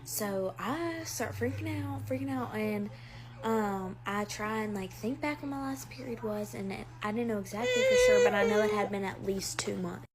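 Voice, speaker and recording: A woman's voice: mid-range voice, very animated, normal speed. A young woman telling a dramatic personal story in a chatty, casual way, with lots of fillers.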